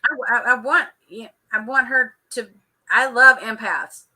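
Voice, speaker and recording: A bright, sharp-voiced woman with a lilt chats with viewers on a live show. She tells stories with animated asides and a slightly high pitch. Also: unhurried, low-quality recording. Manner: chatty, animated storyteller, warm toward viewers. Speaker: co-host. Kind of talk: casual chat on a live show.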